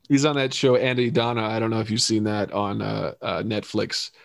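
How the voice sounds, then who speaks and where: Low-voiced man chatting loosely on a podcast. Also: fairly even intonation, moderate pace, creaky, no echo, clean studio sound. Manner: rambling, stumbles and restarts, laughs often. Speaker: podcast co-host. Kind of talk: casual chat.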